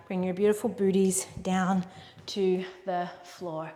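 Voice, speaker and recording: A woman leading a yoga class, giving gentle, encouraging cues for poses and breaths. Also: fairly low pitch, level tone, measured pace. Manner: gentle encouraging cues, calls students "my friends" and "yogis". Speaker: yoga instructor. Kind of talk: guided yoga class instruction. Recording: echoey room with long reverb.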